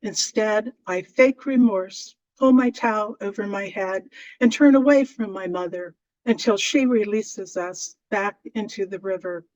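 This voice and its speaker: A woman reading her poem aloud in a measured way, with deliberate pauses. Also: medium pitch, darkish tone, no echo, lo-fi sound. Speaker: poet. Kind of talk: poetry reading.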